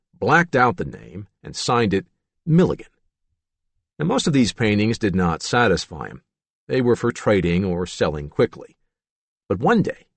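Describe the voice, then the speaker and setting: A man narrating an audiobook in an expressive, measured way. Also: lowish voice, no echo.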